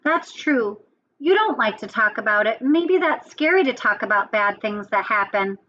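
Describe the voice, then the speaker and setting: A woman teacher giving a children's lesson, speaking gently and often checking in with a question. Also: fairly high pitch, expressive, moderate pace, muffled recording, a little hiss or hum. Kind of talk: children's lesson and storybook reading.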